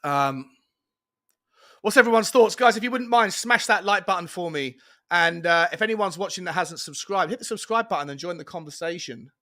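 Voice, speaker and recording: A man hosting a live fan watchalong stream, chatting excitably and reading out viewer comments. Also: high-pitched, moderate pace. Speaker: fan show host. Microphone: earphones with mic, webcam.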